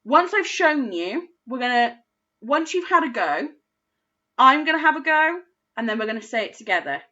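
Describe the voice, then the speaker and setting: A woman teaching a recorded phonics lesson to young children, slowly sounding out each word in a patient, encouraging way. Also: high-pitched, big pitch swings, pushed and bright, lo-fi sound. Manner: slow, patient, sounding out words. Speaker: primary school teacher.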